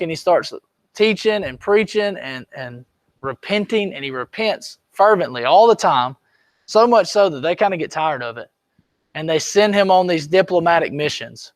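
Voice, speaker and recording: High-voiced man lecturing a class. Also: dry recording. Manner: conversational, checks on students often. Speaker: history teacher.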